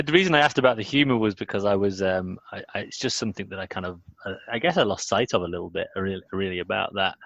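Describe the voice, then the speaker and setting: A man's voice: fairly low pitch, fairly bright tone, dry recording. A man hosting an interview podcast, rambling a little as he searches for words. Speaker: podcast host. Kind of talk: conversational interview. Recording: slightly dull, dry audio.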